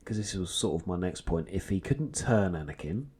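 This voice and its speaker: Man, podcast co-host, very deep voice, stammering casual chat. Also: moderate pace, breathy edge. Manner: animated, agreeable, stammering restarts.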